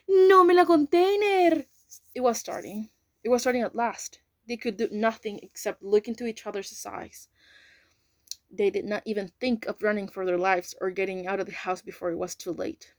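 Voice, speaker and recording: A woman's voice: mid-range voice, fairly even intonation, normal speed, no echo. A woman reading an English novel aloud, carefully, with occasional slips and self-corrections. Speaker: reader. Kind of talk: amateur audiobook reading.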